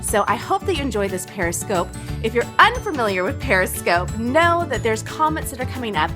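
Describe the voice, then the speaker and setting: Upbeat chatty california mom type woman on a livestream, voice a bit high, reads out comments, soft music behind. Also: very animated, fairly quick. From Southern California, USA. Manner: bubbly and chatty, with frequent "like" and "um"; reads and answers viewer comments aloud. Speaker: blogger and livestream host. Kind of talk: casual livestream chat.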